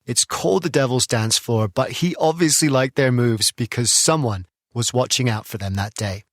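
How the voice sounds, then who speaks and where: A man's voice: medium pitch, normal speed, no room sound, clean studio sound. A man hosting a podcast, narrating with enthusiasm and amused asides. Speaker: podcast host. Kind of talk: scripted narration.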